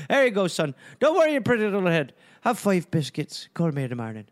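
A man's voice: high voice, huge pitch swings, a little fast, voice pushed down. A man on a comedy podcast playing a boastful, flashy counterfeiter who talks like a tough guy and shows off. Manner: brash, generous show-off, tough-guy talk.

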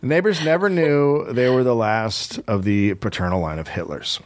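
A man's voice: mid-range voice, moderate pace. A man co-hosting a comedy history podcast, reading notes with stumbles and wry asides. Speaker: podcast co-host.

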